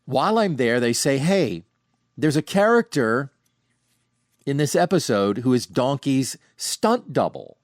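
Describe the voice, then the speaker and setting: A middle-aged man hosting a podcast, casually telling animated anecdotes from home with frequent restarts. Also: mid-range voice, a little slow, dry recording, studio quality. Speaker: podcast host. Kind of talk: casual storytelling monologue. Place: home, sitting on a couch.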